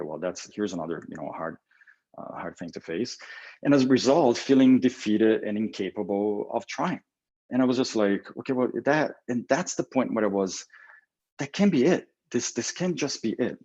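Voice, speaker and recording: Husky-voiced man with a halting, energetic delivery. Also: low-pitched, lo-fi sound. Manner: energetic, acts out both sides of imagined phone calls; halting, with many restarts and fillers. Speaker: agency creative director. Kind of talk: motivational talk.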